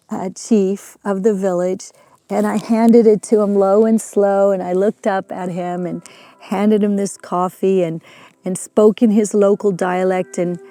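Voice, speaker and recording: A middle-aged woman preaching a sermon, telling a story earnestly with frequent restarts and dropping to a hush. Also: mid-range voice, no room sound. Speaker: missionary preacher.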